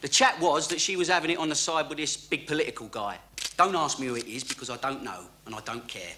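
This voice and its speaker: A surly photographer. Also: male voice, on the high side, fast, pushed and bright, a little hiss or hum. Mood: grudging. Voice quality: grudging, defensive. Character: evasive, surly male fashion photographer. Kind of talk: 1980s TV crime drama acting.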